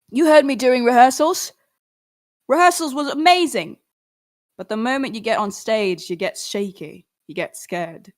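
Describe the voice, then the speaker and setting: A young adult woman speaks in a relaxed, conversational way. She is earnest and encouraging, like a singer cheering on her listeners. Her pitch sometimes jumps up when she gets animated. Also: moderate pace. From Philippines. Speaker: singer and artist answering fans. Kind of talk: casual livestream chat.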